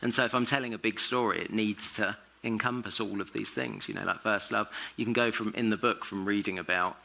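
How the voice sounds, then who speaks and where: Male author, low fry-edged voice, sharp bright timbre, relaxed and meandering. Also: fairly quick. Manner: relaxed, rambling with many fillers and restarts. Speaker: author guest. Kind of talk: onstage conversation. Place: festival stage.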